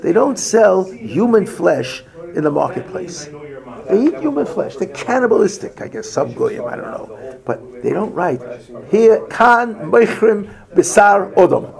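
A man's voice: high-pitched, gravelly, a little mellow. A man giving a Torah lecture to a group, telling stories and mixing in Hebrew and Yiddish terms. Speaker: rabbi giving a Torah class. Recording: crowd heard behind.

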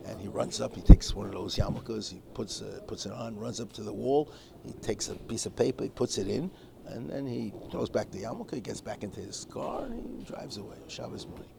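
Guy with a really gravelly voice rambling through a torah class, lots of restarts, noisy recording. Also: mid-range voice. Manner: digressive, restarts often, mixes in Hebrew and Yiddish terms. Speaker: Torah teacher. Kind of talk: informal religious class with storytelling. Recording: clear background noise.

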